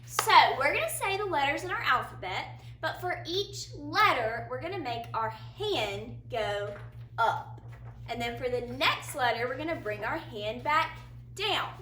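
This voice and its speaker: A high, lively woman's voice that swoops through a phonics lesson for small children, slow and sing-song, with big warm praise after each answer. The tone is bright and clear. Her voice carries the roomy echo of a classroom, heard from a little way off the mic over a faint hiss. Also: recorded from a distance. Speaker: teacher.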